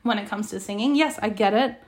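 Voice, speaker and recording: A young Australian woman co-hosting a casual podcast from her lounge room, chatty and quick to laugh. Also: medium pitch. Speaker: podcast co-host. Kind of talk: casual chat.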